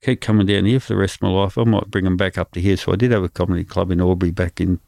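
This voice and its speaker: An Australian man spins comic anecdotes in a relaxed interview, slipping into the voices of the people in his stories. His voice sits low with a gravelly edge. The recording is close and dry. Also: rapid-fire, dry recording. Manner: animated anecdotes, acting out others' lines. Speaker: comedian guest. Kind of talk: casual storytelling interview.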